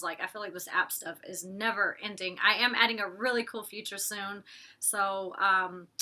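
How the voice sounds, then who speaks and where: Medium-pitched, pushed and bright, a young woman vlogs about a reality show. She keeps it chatty and full of slang, playing out the cast's lines and laughing as she recaps.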